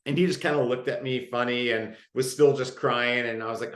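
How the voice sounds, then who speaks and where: A man's voice: medium pitch, brisk, few pauses. Conversational man speaking in an echoey room. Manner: relaxed, conversational, many fillers. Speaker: parenting presenter. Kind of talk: recorded parenting talk with personal story.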